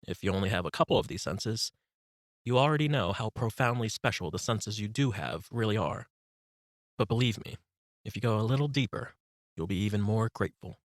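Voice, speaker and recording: A man narrating a self-help audiobook as a meditation guide, giving calm, instructive breathing cues close to the mic. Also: on the low side, brisk, dry recording.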